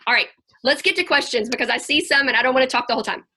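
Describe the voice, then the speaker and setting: Woman, Christian counselor, earnest and chatty, bright clear tone. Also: high voice, rapid-fire. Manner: earnest, chatty, animated when quoting children. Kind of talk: talk to a parents' group.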